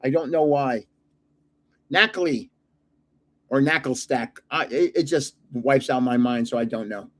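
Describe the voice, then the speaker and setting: A man's voice: mid-range voice, measured pace, pauses often. An older man hosting his own channel, chatting casually while opening card packs and chuckling at his own guesses. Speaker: card-collecting channel host. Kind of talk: casual pack-opening chat.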